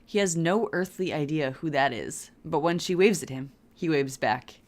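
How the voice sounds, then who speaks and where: A woman's voice: deep voice, expressive, normal speed. A woman co-hosting a casual comedic fanfiction reading, playful and chiming in with corrections.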